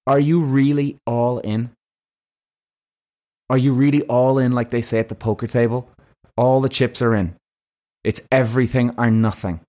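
On a solo podcast, a host who may be a man talks bluntly in a mid-range voice through a casual monologue. The delivery is animated and emphatic, with frequent swearing.

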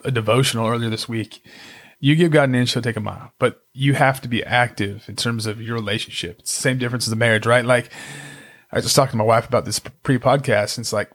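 A man's voice: mid-range voice, fairly bright tone. A man in his thirties co-hosting a faith podcast, talking in an emphatic, exhorting and casual way. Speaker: podcast co-host.

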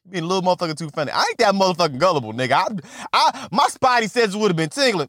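A man retelling a film plot in casual, profane, animated talk, often stammering and repeating himself. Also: high-pitched, very fast, no echo, clean studio sound. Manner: animated, repetitive, swears constantly, stammers on restarts. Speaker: movie recap vlogger.

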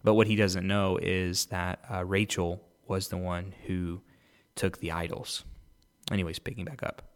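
A man reads scripture aloud on his podcast in a fairly low voice. Every so often he breaks off to comment in a relaxed, self-correcting way before picking the reading back up. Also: clean tone. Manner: casual, self-correcting, reads aloud then pauses to explain. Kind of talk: unscripted Bible reading with commentary.

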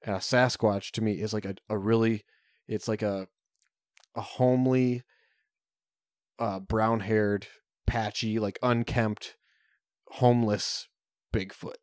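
Man, podcast co-host, low voice, rambling, fillers, dry close sound. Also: steady tone, dry recording. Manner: rambling, halting, many fillers. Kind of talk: casual chat.

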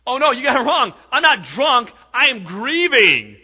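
A man's voice: high voice, normal speed, pitched above the performer's own voice, close to an everyday voice. A preacher voicing an earnest devout woman. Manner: earnest and emphatic. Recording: dull lo-fi recording with long hall reverb.

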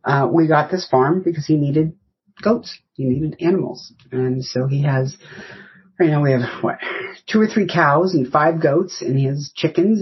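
Very husky woman in her fifties. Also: low voice, muffled recording. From United States. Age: 50s. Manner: rambling, anecdotal storyteller. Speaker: podcast guest. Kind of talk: casual interview chat.

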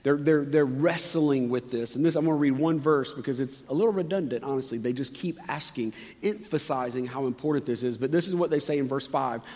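A man preaching a sermon, telling the story with dramatic swings between loud, excited highs and hushed, quiet lows. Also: brisk, few pauses. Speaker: pastor. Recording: long hall reverb.

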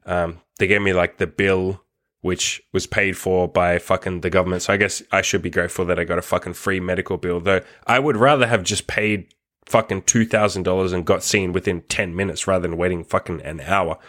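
Male host, lower side of normal pitch; loose, foul-mouthed solo story delivery with frequent laughs. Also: fairly even intonation, a little fast, fairly bright tone. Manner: heavy swearing, laughing between lines; loose, rambling delivery full of "like". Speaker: podcast host. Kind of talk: casual storytelling monologue.

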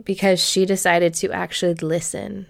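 Woman podcast host telling her story, kinda low voice with some fry, earnest. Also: flat delivery, normal speed. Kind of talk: personal story told to listeners.

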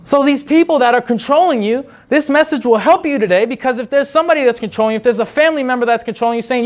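A man preaching an unscripted sermon, fervent and repetitive, breaking into quick voices of the people he describes. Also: very high voice.

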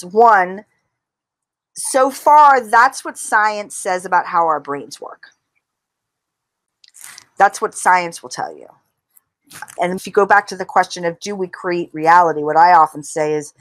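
Animated middle-aged woman in a dry room. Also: on the low side, no room sound. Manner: animated, acts out inner voices. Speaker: interview guest, author. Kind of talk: conversational interview.

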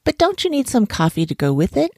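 A woman's voice: fairly low pitch, animated, normal speed, vocal fry, darkish tone, dry recording, clean studio sound. A woman voicing a greedy, grumbling male monkey who squeals his demands and puts on false politeness. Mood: falsely polite.

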